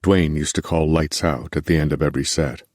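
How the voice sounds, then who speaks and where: A man narrating a horror audiobook in a measured, steady scripted delivery. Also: very deep voice, no echo, studio quality.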